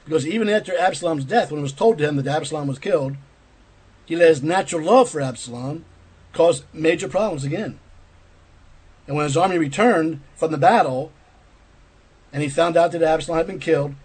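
Man preaching, husky voice, fairly high pitch, earnest, explanatory. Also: fairly quick, pauses often, darkish tone, poor audio. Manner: earnest, explanatory, with rhetorical asides. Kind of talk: sermon.

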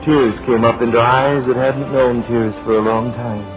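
A man preaching a sermon, telling a story dramatically and dropping to a hush at key moments. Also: medium pitch, steady tone. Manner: dramatic, slows and drops to a hush. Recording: dull lo-fi recording with music.

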